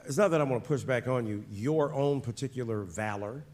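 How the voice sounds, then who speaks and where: A man interviewing a guest on stage at an author event, animated and jokey, his voice jumping from loud bursts to quiet asides. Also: medium pitch, a little fast. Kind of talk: lively on-stage conversation.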